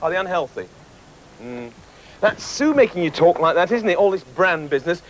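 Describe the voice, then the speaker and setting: A man hosts a children's comedy, coaxing and chatting to his puppet pals. His pitch rises and falls in a lively way. A noisy background sits behind him. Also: normal speed. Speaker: host and puppeteer.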